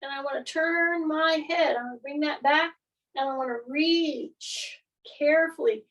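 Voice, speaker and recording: Upbeat high-voiced woman fitness coach. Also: measured pace, fairly bright tone, far from the mic, highs cut off. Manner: upbeat, coaching, lots of "okay?" check-ins. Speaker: fitness instructor. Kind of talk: guided workout instruction.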